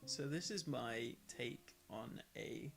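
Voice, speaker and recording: A man's voice: mid-range voice, expressive, slow pace, creaky, fairly bright tone, rough recording. A young man from northern England chatting casually and rambling through a late-night livestream, tired and self-deprecating, with frequent ums. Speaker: livestream host painting along. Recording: background music playing under the voice. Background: guitar music.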